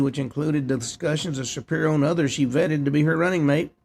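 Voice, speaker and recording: Guy host reading news and commenting, kinda high for a man, raspy. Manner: reads headlines and adds opinionated asides.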